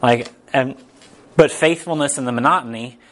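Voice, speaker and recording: A man's voice: medium pitch, moderate pace. A man giving a casual, conversational sermon to a gathered group. He rambles informally and keeps checking in with his listeners. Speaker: preacher.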